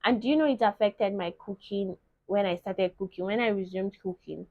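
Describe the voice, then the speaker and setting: A woman's voice: mid-range voice, normal speed, dry recording, phone-quality sound. A young woman, chatting animatedly to her viewers in a casual vlog. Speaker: vlogger. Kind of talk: casual chat to camera.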